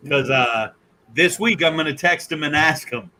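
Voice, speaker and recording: A loud, joking man hosts a casual podcast and tells stories in a bright, forceful voice. He sits a little high in pitch for a man. A faint hiss runs under him. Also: normal speed, low-quality recording. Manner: loud, joking storyteller who teases guests. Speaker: podcast host.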